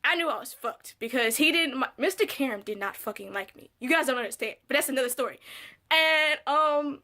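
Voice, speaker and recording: A young woman tells a story from her school days in a casual, candid vlog style. Her voice sits high and sounds bright and lively. She swears freely and acts out the moments as she goes. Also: a little fast. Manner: candid, swearing, animated re-enactments. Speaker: vlogger.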